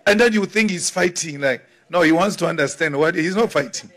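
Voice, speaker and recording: A man giving a forceful, defiant political speech. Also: sits high, a little fast, hardly any pauses. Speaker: politician addressing a crowd.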